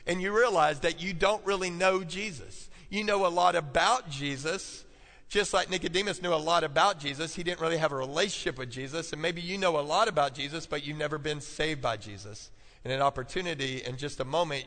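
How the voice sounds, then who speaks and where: A male pastor with a fairly high, bright, forceful voice preaches in call-and-response style, calling out to the congregation. He repeats key points so they can write them down, and the church hall gives a long reverb.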